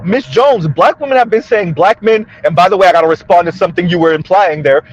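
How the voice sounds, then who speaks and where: Here a commentary vlog host talks fast in a high voice, though the recording's highs are cut off. He speaks straight to his audience with mockery, laughing often and saying "right?" time after time.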